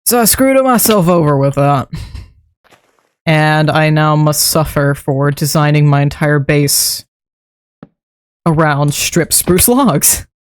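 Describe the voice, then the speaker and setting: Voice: mid-range voice, slow pace, pauses often, clear, resonant tone, dry recording. A streamer giving casual gameplay commentary, rambling to themself and chuckling at their own mistakes while building. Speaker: streamer building a game base.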